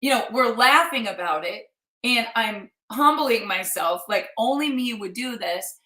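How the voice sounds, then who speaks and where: A woman's voice: a little high, lively intonation, unhurried, pushed and bright, reverberant. A middle-aged woman and life coach giving an emphatic motivational talk, repeating her points for effect.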